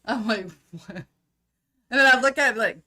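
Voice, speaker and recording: Woman co-host, crisp bright voice, loose profane webcam banter. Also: fairly high pitch, normal speed. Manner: profane, laughing often. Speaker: podcast co-host. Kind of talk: casual livestream chat.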